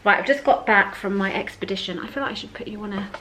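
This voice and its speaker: Young woman vlogging on her camera, chatty, laughs a lot, middle pitch. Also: fast talker, slight background noise. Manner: chatty and self-deprecating, often laughing, with soft baby talk to her son. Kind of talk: casual vlog chat. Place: home and outdoors in town.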